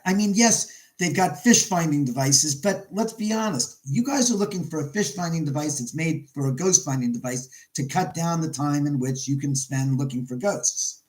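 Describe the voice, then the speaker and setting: A middle-aged man chats casually on a livestream from his own house, with a voice pitched a little high. He tells long, wandering stories and breaks off to greet viewers in the chat. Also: expressive, normal speed, a little mellow, low-quality recording. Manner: rambling storyteller, reads chat aloud. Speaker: livestream host.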